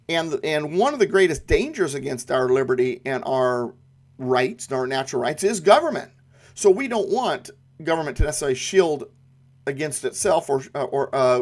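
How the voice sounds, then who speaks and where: Earnest middle-aged man teaching, pitched a bit high. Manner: earnest, repeats key words for emphasis, some fillers. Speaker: constitution teacher. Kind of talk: explanatory lesson to camera.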